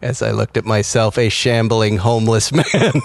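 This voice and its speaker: A man's voice: lowish voice, steady tone, moderate pace, gravelly, dry recording. Rambling self-mocking male podcast host. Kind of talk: casual banter and ad read.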